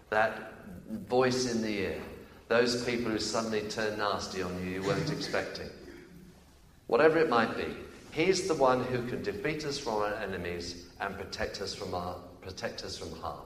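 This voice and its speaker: A man preaching a sermon, emphatic and animated, shifting between loud declarations and quick asides. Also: fairly low pitch. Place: church. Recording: echoey church hall, reverberant.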